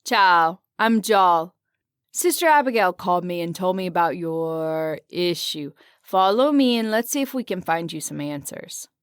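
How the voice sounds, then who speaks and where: A woman's voice: lowish voice, lively intonation, a little slow, smooth, dry recording, studio quality. A woman reading a friendly Italian-accented guard. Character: young adult man, friendly Romani guard. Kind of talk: audiobook character reading.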